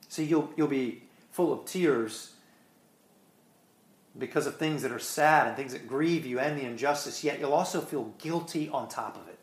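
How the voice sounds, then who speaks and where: A man preaching a sermon with an earnest delivery, slowing down to stress his points and now and then repeating a word. His voice sits at an ordinary middle pitch. The room around him gives it a clear echo. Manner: earnest, repeats words, slows for emphasis.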